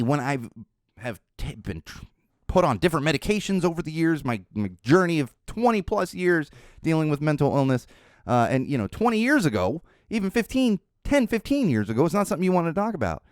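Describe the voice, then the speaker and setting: A man's voice: fairly high pitch, very animated, a little fast, darkish tone, dry recording, clean studio sound. A middle-aged man hosting a podcast, telling stories in a casual monologue that rambles through restarts and asides. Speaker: podcast host.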